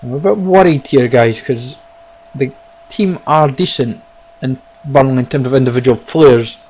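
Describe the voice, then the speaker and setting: A man gives casual commentary over his own football video game, talking straight to his viewers. He is excitable and chatty, calling them guys and lads as the match goes on. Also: medium pitch, moderate pace, breathy edge, poor audio. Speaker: gaming YouTuber. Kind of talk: casual live gameplay commentary.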